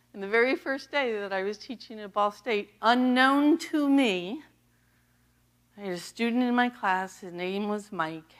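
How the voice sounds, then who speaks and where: A middle-aged woman pastor from the US East Coast giving a personal testimony sermon, animated and laughing often as she tells the story. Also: medium pitch, unhurried. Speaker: associate pastor.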